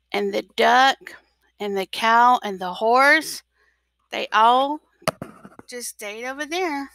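Kobieta czytająca dzieciom bajkę, bardzo powoli. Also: female voice, on the high side, no echo. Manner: slow and expressive, with whispered asides. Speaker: teacher reading aloud. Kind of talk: children's storytime reading.

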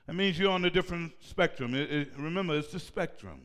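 A male pastor preaching a sermon in a church, shouting at times and leading call-and-response with the congregation. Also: a little high, fast, hardly any pauses. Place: church sanctuary. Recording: reverberant church hall.

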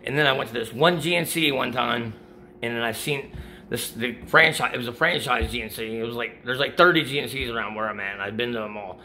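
A bright, forceful, medium-pitched male voice moves along fairly quickly, with a little hiss or hum in the recording. The speaker is a middle-aged supplement-advice vlogger, out of breath post-workout, rambling casually about gear and supplements and restarting his sentences.

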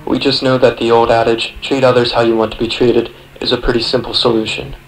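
A man's voice: medium pitch, level tone, a little fast, faint music behind, low-quality recording. Sardonic young man narrating an essay. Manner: sardonic, profane, second-person address. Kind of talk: scripted voice-over narration.

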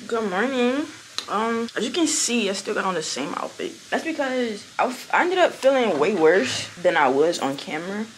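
A hoarse young woman vlogging casually in a hotel room, rambling loosely and swearing now and then. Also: mid-range voice, big pitch swings, normal speed, slight background noise. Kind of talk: casual vlog chat. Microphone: small clip-on mic.

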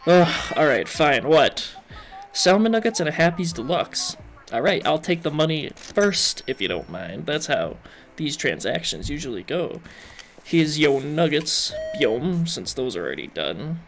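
A man's voice: on the high side, very animated, moderate pace, fairly bright tone, faint music behind. Playful man narrating a game. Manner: playful, jokey, chatty with game characters. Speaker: gaming video host. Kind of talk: let's play commentary.

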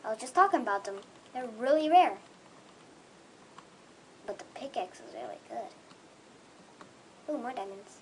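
A young gaming creator commenting excitedly on their own play, with gushing, squealing bursts of excitement. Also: medium pitch, moderate pace, pauses often, slight background noise, low-quality recording.

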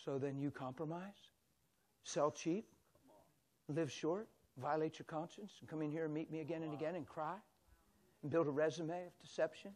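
An older man preaching in church with a high-pitched voice. He tells stories with lots of animation, rising to loud exclamations and dropping to a near-whisper. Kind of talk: sermon.

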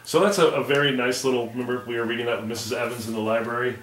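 A man's voice: medium pitch, fairly even intonation, rapid-fire, a bit bright, reverberant, recorded from a distance. A male teacher reading a story aloud and patiently explaining it to his class.

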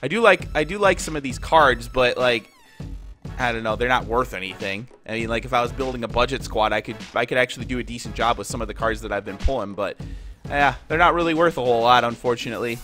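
A man's voice: mid-range voice, fast talker, sharp tone, faint music behind. A congested young man with a nasal voice from Minnesota, casually chatting to viewers as he opens card packs in a video game. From Minnesota, USA. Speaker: gaming YouTuber. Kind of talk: pack opening commentary.

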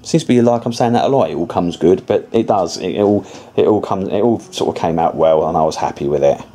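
A man's voice: low voice, a little fast, dark tone. A man narrating a scale-model tutorial in a casual, chatty way, often restarting and correcting himself as he explains. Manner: rambling, chatty, self-correcting, with many restarts.

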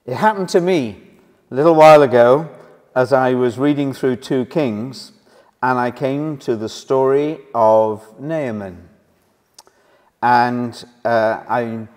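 A man's voice: mid-range voice, a little mellow. A man preaching a sermon in an earnest way, leaning hard on key words. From Wales. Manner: slow, earnest, rising and falling emphasis. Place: church hall. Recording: reverberant church hall.

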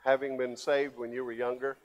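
An older man, a pastor, preaching a sermon, swinging from loud emphatic passages to low quiet asides. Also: flat delivery, a little fast, muffled recording.

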